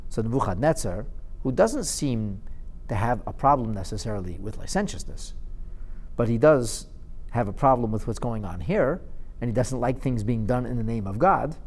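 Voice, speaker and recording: Animated male Talmud teacher. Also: medium pitch, moderate pace. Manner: lively, wry, mixes Aramaic quotes with English. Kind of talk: animated Talmud lesson storytelling.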